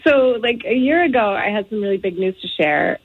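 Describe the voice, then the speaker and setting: A woman's voice: mid-range voice, animated, brisk, narrow, tinny audio. A woman calling in to a radio show, telling a funny family story with laughs. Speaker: radio caller.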